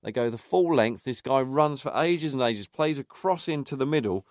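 A man co-hosting a casual football podcast, chatty and halting with many restarts. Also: mid-range voice, animated, no echo, clean studio sound. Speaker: podcast co-host.

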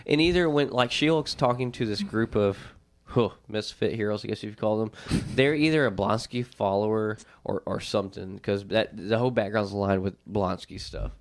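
A man co-hosting a casual chat show, excitable and quick to jump in, laughing and restarting often. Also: lowish voice.

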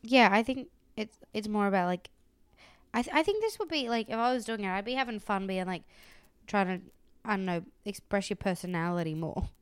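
An earnest woman rambling through her opinions in casual podcast chat. Her voice is smooth and clear, and it sounds dry and close. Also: mid-range voice, lively intonation, a little fast, no room sound. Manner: rambling, earnest, many fillers. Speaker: podcast co-host.

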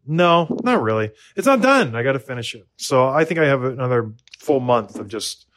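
A man's voice: mid-range voice, very animated, moderate pace, fairly bright tone. Rambling, self-mocking American man. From United States. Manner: rambling, self-deprecating, lots of restarts and fillers. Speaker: podcast co-host. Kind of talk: casual chat.

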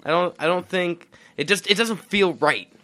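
A man's voice: sits high, a bit bright. A man co-hosting a podcast, answering in casual chat and laughing often. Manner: laughs often, drawn-out replies. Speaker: podcast co-host.

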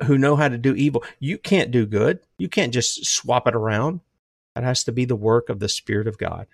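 A man's voice: no room sound, clean studio sound. Fervent older man preaching a sermon. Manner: fervent, swings between loud emphatic declarations and low hushed drops; says he is emotional. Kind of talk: impassioned sermon.

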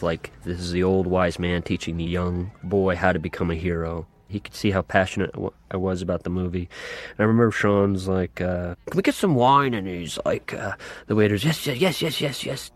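Deep-voiced man telling a story. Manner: animated storyteller acting out voices. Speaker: interview guest telling an anecdote. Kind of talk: anecdote.

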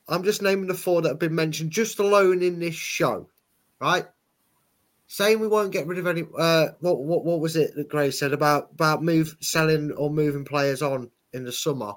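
Chatty male co-host, slightly high voice, sarcastic banter. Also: moderate pace. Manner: chatty, sarcastic, laughs while telling stories. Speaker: podcast co-host. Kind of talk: casual football chat.

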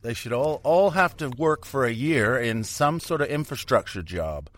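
A man's voice: medium pitch, expressive, normal speed, fairly bright tone, no room sound. A man from Canada, chatting casually as a podcast co-host, joking and swearing as he goes. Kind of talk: casual chat.

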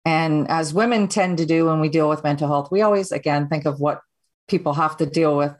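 A woman's voice: deep voice, fairly quick, a little mellow. A Canadian woman, a podcast guest, candidly and steadily recounting her personal story.

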